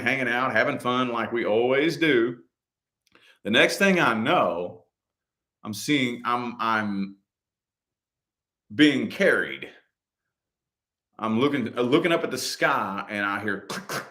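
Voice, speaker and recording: A man's voice: mid-range voice, measured pace, pauses often, pushed and bright. Man telling a story loosely, cursing freely. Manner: loose, profane, repeats his phrases. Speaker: co-host of a couple's vlog. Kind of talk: casual storytelling chat.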